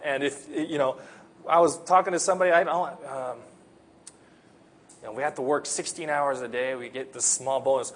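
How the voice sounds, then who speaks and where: Husky man preaching. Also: mid-range voice, normal speed, a bit bright. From Philippines. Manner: earnest, conversational preaching. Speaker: pastor. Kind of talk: sermon.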